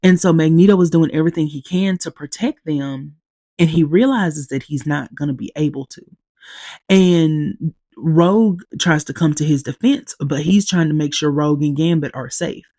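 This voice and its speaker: A woman hosting a podcast, casually recapping a TV episode, speaking haltingly with long pauses as she grows teary-eyed. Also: low voice, mellow, no echo. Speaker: podcast host.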